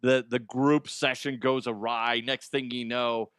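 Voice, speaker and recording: A man's voice: medium pitch, flat delivery, unhurried, a bit bright, clear, resonant tone, no echo, clean studio sound. A middle-aged man hosting a comedy news podcast, riffing crudely, laughing at his own jokes and slipping into silly voices. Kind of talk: casual comedic monologue.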